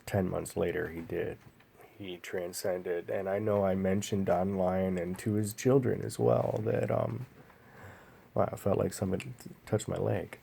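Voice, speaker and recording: A man vlogging a personal story in a slow, halting, emotional way, pausing often. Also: low voice, steady tone, gravelly, dark tone, a little hiss or hum.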